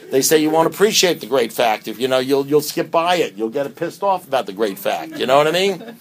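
Guy preaching at a recovery meeting, emphatic, lots of rhetorical questions, goes loud then hushed, average pitch. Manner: wide swings between loud and hushed delivery. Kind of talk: speaker talk at a recovery meeting.

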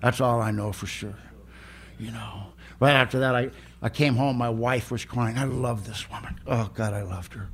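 An older man giving a personal recovery testimony, plain-spoken and emotional, with rough humor. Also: medium pitch, steady tone, normal speed, a bit bright. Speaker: recovery meeting speaker.

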